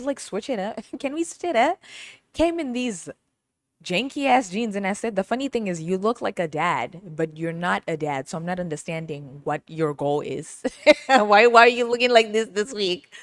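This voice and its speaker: Woman, podcast host, casual storytelling, playful, lowish pitch, dry close sound. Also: expressive, normal speed, dry recording. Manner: chatty, laughs often, playful roasting.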